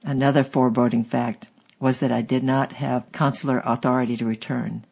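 Husky guy reading an audiobook, measured pace, kinda dull muffled sound. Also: medium pitch. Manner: steady, measured storytelling. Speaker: audiobook narrator.

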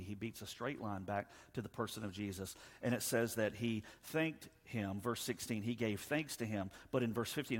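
A man preaching a sermon as pastor, emphatic, swinging between loud and hushed, acting out the dialogue of scripture. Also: fairly low pitch, slightly rough, big-room sound.

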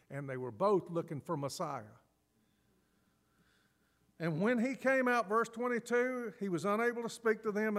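A man preaching a sermon as pastor, animated and acting out scripture scenes with laughs. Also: high-pitched, big-room sound.

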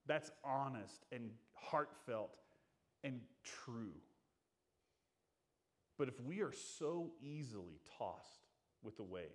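A middle-aged man preaching a sermon in an earnest, conversational way, acting out the voices of the people he quotes. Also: mid-range voice. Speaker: pastor.

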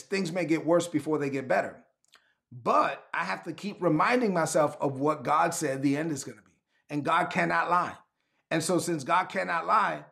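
A man preaching a sermon, emphatic and repetitive, calling for responses and building to shouts. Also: a little high, gravelly. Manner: calls for audience response.

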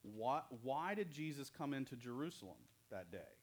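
A man's voice: medium pitch, lively intonation, normal speed, few pauses. A man leading a children's church lesson, joking and asking the kids questions as he tells the story. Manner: jokey, asks the kids questions. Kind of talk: playful Bible lesson for children.

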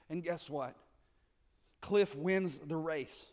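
High-voiced preacher, bright and forceful. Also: male voice, unhurried. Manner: preaching with rising intensity, repeating phrases, rhetorical questions. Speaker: pastor. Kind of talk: sermon.

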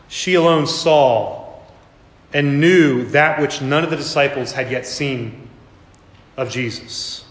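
A male pastor preaches a sermon in a church, vividly telling a scene and acting parts of it out. His voice is on the high side with a fairly bright tone, and the hall is echoey.

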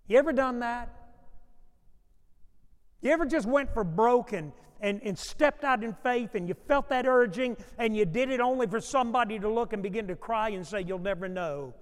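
High-voiced preacher in an echoing sanctuary. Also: male voice, normal speed. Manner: storytelling preacher who swells in volume when acting out quotes. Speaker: pastor. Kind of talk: sermon. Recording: long hall reverb.

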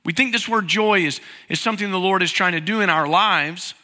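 High-voiced, bright pastor preaching. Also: male voice, fairly quick. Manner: conversational, asks the congregation questions, acts out inner voices. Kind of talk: sermon. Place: church sanctuary. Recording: long hall reverb.

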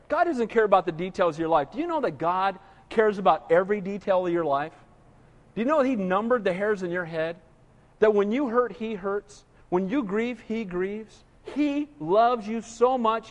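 A man's voice: high voice, long reverb tail. A man preaching a sermon as pastor, conversational and humorous, full of rhetorical questions to the congregation.

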